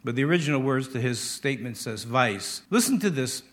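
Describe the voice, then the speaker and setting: An older man preaching a sermon as a pastor, emphatic and drawing out key words slowly for stress. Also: medium pitch, very animated, fairly bright tone.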